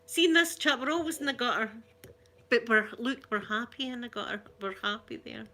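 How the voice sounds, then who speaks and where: A woman's voice: fairly high pitch, lively intonation, fairly quick, pushed and bright. A woman with a Scottish accent chatting casually with viewers on a live stream, giggling often and reading out comments. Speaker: ASMR channel host.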